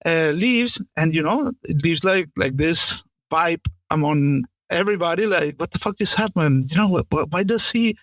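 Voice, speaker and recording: A man's voice: fairly high pitch, expressive, normal speed, hardly any pauses, fairly bright tone, no echo. A man co-hosting a podcast, telling a kitchen story in casual chat, swearing freely and sometimes hunting for the right word. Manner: swears freely, searches for words mid-sentence. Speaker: podcast co-host.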